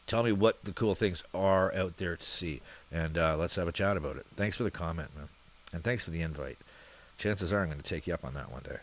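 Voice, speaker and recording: A man hosting his channel, reading out viewer comments in a relaxed, chuckling chat and swearing freely. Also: low-pitched. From Canada. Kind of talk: casual chat.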